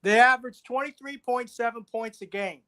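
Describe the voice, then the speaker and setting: A man's voice: very high voice, normal speed, pushed and bright. A man co-hosting a casual sports podcast, who speaks emphatically and often repeats his points. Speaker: podcast co-host.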